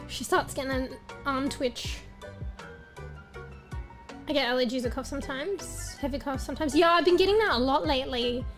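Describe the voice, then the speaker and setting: A woman streamer chatting casually with viewers. She rambles, swears often, and is losing her voice. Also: high voice.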